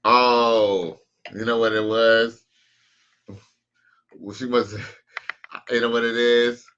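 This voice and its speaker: A man's voice: mid-range voice, little pitch movement, slow, a bit bright, clear, resonant tone, dull audio. A man casually commenting on a live stream, slangy and profane, reacting to clips and reading out chat. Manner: laid-back, slangy, profane, reads out chat messages.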